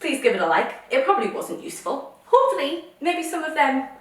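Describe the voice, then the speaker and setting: A woman's voice: high voice, sing-song, brisk, far from the mic. A young woman vlogging a try-on haul, ranting in an exasperated way. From United Kingdom. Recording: echoey room, voice a little off mic.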